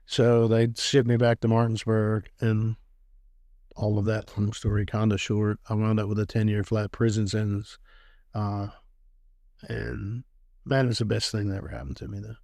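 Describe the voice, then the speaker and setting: A man's voice: fairly low pitch, level tone, moderate pace, vocal fry, a little mellow, no echo. A middle-aged man, a guest telling his life story in a rambling, casual way, laughing often and acting out what others said. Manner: rambling, laughs often, acts out quoted talk. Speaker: guest giving a testimony.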